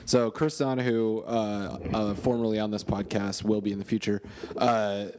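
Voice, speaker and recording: A man's voice: lowish voice, level tone, normal speed, darkish tone. A young man co-hosting a podcast, telling stories in a rambling way and laughing often. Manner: laughing storyteller, rambling with fillers. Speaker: podcast co-host. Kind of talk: casual chat.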